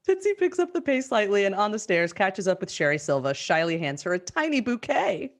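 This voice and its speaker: A woman hosting a live script reading over a video call, reading the stage directions in a brisk, amused way. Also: medium pitch, big pitch swings.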